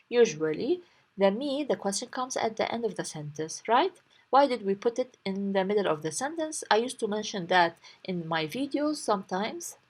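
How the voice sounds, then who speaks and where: A woman's voice: medium pitch, slightly rough. A young woman teacher patiently explaining a story word by word in a language lesson.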